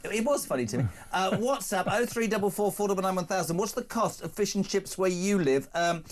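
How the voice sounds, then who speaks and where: Animated talk show host. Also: male voice, high-pitched, a little fast, few pauses. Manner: animated, restarts phrases, jokey asides. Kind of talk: lively talk-show banter. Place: broadcast studio. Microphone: studio microphone.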